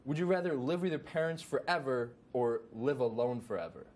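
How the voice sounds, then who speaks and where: A young man hosting a casual chat show, rambling with many fillers and restarts, getting excited at times. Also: medium pitch, brisk. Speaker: host.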